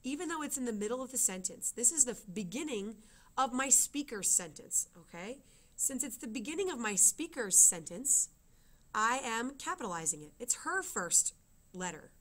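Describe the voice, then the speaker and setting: A woman's voice: on the high side, sing-song, moderate pace, pushed and bright. A woman teaching a writing lesson, explaining step by step and checking in with her students. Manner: explains step by step, often asks "okay?".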